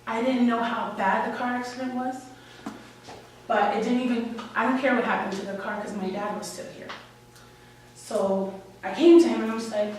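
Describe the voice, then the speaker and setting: Young woman from new york telling a story onstage, kinda high voice, echoey room, mic far off. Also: slight background noise. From Washington Heights, New York. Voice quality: candid, wry, emotional. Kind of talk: live personal storytelling. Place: live story slam venue. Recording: echoey room, distant mic, faint ambience.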